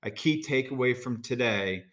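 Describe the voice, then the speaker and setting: A middle-aged man from the United States hosts his own podcast and speaks straight to his listeners. His delivery is conversational and direct, full of fillers and little asides, at a medium pitch for a man. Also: normal speed, a bit bright. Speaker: podcast host. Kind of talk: casual solo podcast talk.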